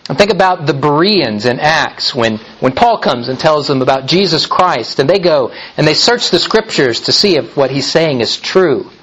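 A man preaching a sermon in an emphatic, deliberate way, often restarting his phrases. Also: fairly high pitch, expressive, a bit bright, slightly rough, rough recording.

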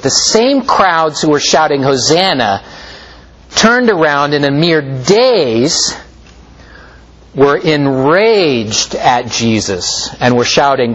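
Male preacher, sermon delivery, slow and deliberate, animated pitch, lo-fi sound. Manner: slow, measured preaching with lively pitch swings.

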